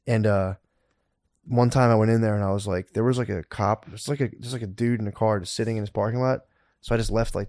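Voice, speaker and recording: Fast-talking rambling podcast guy. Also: on the low side, darkish tone, no echo, clean studio sound. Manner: loose, rambling storyteller peppering talk with "dude" and swearing. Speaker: podcast co-host. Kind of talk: casual comedy podcast chat.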